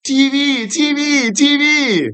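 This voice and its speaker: A man voicing an excited little girl who keeps repeating herself as she squeals about the TV. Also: very high-pitched, slow pace, voice pushed up, exaggerated voice. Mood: thrilled.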